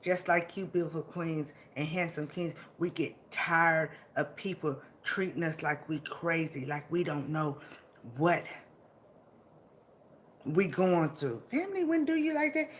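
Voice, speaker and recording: A woman's voice: deep voice, measured pace, slight background noise. A woman vlogger giving an emotional, motivational monologue, laughing often and swearing as she hypes up her listeners.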